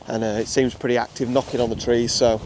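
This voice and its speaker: A man's voice: mid-range voice, little pitch movement, fast talker, a little mellow, a little hiss or hum. A young man with an English Midlands accent, chatting casually with many fillers and restarts as he films on a walk through a nature reserve. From England. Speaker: wildlife photographer. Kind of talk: casual vlog narration outdoors.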